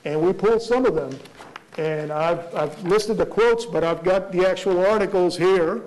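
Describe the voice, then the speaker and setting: High-voiced man arguing in court. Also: normal speed, darkish tone, low-quality recording. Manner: earnest, rhetorical questions, frequent restarts. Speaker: prosecutor. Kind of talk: courtroom argument.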